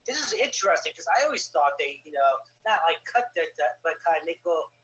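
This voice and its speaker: A man's voice: on the high side, sing-song, brisk, a bit bright, muffled recording. A man interviewing a guest in a casual chat, reacting with loose, chatty asides.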